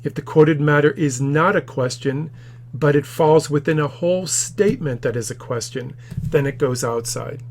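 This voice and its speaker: A man's voice: a little high, moderate pace, slight background noise. Man teaching punctuation from his office. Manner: explains patiently, acts out quoted lines with loud shouts. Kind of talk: grammar tutorial.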